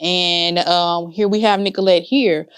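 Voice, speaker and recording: A woman's voice: lowish voice, steady tone, a little slow, clear, resonant tone, no room sound. A woman hosting a podcast, upbeat and teasing as she interviews a guest. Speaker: podcast co-host. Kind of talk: casual chat.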